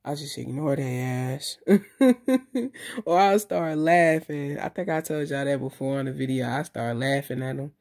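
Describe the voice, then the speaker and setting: In a very deep, darkish voice, a woman vlogger talks casually to her camera in loose street slang. She swears often, repeats phrases for emphasis and pauses with fillers in this casual video monologue.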